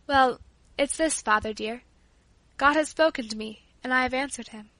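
A woman's voice: sits high, normal speed, no echo. A frail, brave young invalid girl, read by a woman. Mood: gentle. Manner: gentle, humble.

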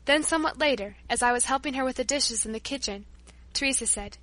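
High-voiced woman reading a story. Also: dry recording. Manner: steady, measured storytelling. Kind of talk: scripted narration.

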